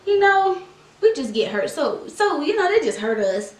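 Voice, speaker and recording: A woman's voice: high-pitched, normal speed, recorded from a distance, soft background music. A young woman, chatting dramatically while doing a makeup tutorial. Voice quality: dramatic, animated storytelling. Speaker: beauty vlogger. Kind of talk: casual makeup tutorial chat. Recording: echoey room.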